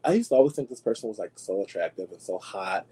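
A man hosting a podcast and dishing celebrity gossip in a sassy, dramatic way, calling his listeners y'all and jumping into high squeals to make a point. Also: animated, quick pace, mellow, husky, rough recording. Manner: swoops into high squeals for emphasis. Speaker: podcast host. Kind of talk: casual gossip commentary.

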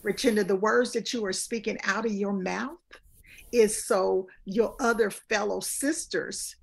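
Earnest woman in her fifties, gravelly edge. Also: medium pitch, measured pace. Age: 50s. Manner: earnest, repeats phrases for emphasis. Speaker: guest speaker and life coach. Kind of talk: casual interview talk.

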